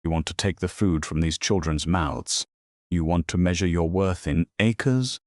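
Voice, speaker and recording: A man voicing a steely young frontier woman who speaks in cold, measured threats. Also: deep voice, a little mellow, no room sound, clean studio sound, natural voice. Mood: defiant.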